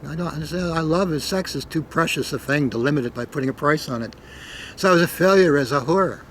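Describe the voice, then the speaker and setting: An older Canadian man tells stories in a loose, rambling monologue, swearing freely and hitting words with sudden emphasis. His voice is on the high side and he talks fast. The recording is rough, with a little hiss or hum.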